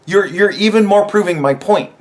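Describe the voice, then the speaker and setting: A man's voice: high-pitched, moderate pace. A man hosting a podcast, delivering an angry, mocking political rant full of swearing. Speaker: podcast host. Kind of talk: profane political commentary rant.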